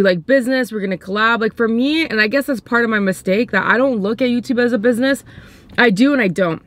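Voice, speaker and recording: A woman's voice: medium pitch, fairly bright tone, dry recording. A young woman giving casual reaction commentary as a YouTuber, hesitant and often restarting as she searches for words.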